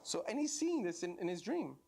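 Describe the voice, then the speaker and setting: A man, a rabbi, telling a parable in a lively, joking lecture to youth. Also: sits high, fairly quick, a little hiss or hum. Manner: joking, animated. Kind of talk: animated storytelling lecture.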